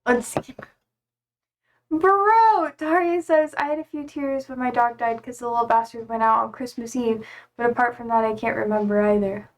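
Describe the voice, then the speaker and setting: A woman streamer chats casually from her home setup into a desk mic. She rambles with lots of fillers and reads viewer comments aloud. Her voice sits slightly higher than most. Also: normal speed. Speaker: live streamer.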